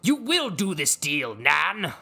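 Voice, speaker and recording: A man putting on the voice of a domineering man who shouts demands about a trade deal, loud and pushy. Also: wildly swooping pitch, slow, gravelly, breathy edge, full character voice. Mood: commanding. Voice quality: loud, high-pitched, shouting.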